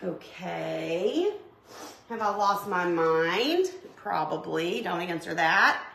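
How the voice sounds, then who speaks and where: A woman's voice: on the low side, expressive, takes it slowly, gravelly, a bit bright. A middle-aged woman, chatting casually to her viewers while she crafts at home and greets them by name. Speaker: craft channel host. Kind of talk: casual crafting livestream chat. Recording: echoey room, faint background noise.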